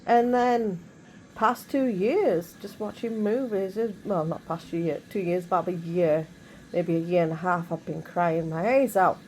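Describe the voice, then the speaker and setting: A woman's voice: on the low side, measured pace, a little mellow, a little hiss or hum, low-quality recording. A woman chatting casually in her bedroom, rambling with many asides. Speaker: vlogger. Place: bedroom at home.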